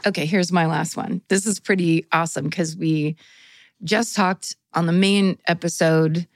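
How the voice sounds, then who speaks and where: Female podcast co-host, lowish voice, earnest reader, dry studio sound. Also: fairly even intonation, measured pace, dry recording. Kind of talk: casual chat, reading listener stories.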